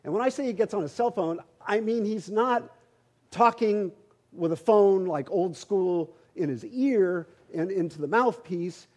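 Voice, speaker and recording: Husky high-voiced pastor telling a story. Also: male voice, measured pace, darkish tone. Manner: conversational, humorous, repeats words when starting sentences. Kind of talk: storytelling sermon.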